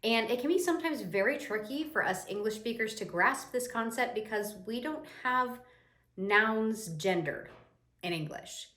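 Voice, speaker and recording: A young woman giving a casual, lively lesson as a language teacher, chatty and explaining step by step. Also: on the high side, normal speed. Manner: lively, chatty, imitates the viewer's reactions. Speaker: Spanish teacher. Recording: echoey room.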